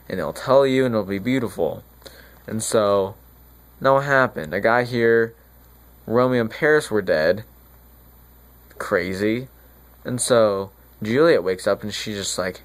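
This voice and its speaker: A remorseful friar, played by a young man, recounts the whole disaster in loose modern slang for a school monologue. His voice sits a little low, and he rambles and stumbles over restarts. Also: natural voice. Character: remorseful friar retelling a tragedy casually. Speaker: student actor.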